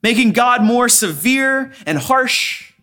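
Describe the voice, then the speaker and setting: Male preacher, high voice, expository sermon with frequent scripture quotes and emphatic repeats. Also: animated, slow, pushed and bright. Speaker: pastor.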